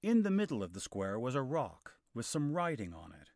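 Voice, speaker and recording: A man narrating a storybook in a clear, expressive style. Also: medium pitch, moderate pace, dry recording, studio quality.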